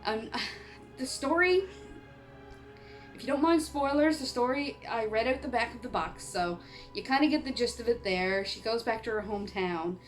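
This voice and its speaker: A chatty woman from Canada rambles through a casual horror film review, laughing often and talking with the hiccups. Her voice sits a bit high, and soft music plays behind her. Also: normal speed. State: has the hiccups. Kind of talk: casual movie review vlog. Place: home on an island in eastern Canada.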